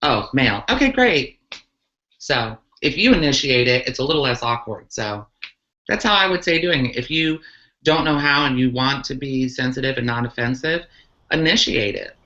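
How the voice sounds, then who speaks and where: In muffled lo-fi livestream audio, a transgender activist woman with a rumbling low voice and sharp tone answers questions earnestly at a moderate pace. She frequently hesitates with ums and begins her sentences over.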